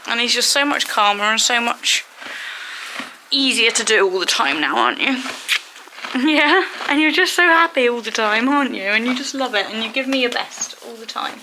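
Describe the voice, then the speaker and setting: Against a noisy backdrop, a woman speaks at a moderate pace, her voice animated and on the high side. In a casual vlog from a horse event, both outdoors and in a stable, she chats fondly to her horse, emotional and near tears.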